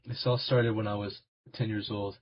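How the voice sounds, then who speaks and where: A man's voice: fairly low pitch, little pitch movement, normal speed. Rambling, crude man reading parody creepypasta. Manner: rambling, crude, self-mocking. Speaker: video host. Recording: dull lo-fi recording with music.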